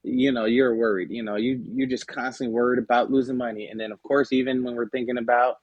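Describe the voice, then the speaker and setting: A man's voice: mid-range voice, flat delivery, fast talker, dry recording, lo-fi sound. Man chatting casually on a podcast. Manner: conversational, many fillers and restarts. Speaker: podcast guest. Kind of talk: casual explanatory podcast talk.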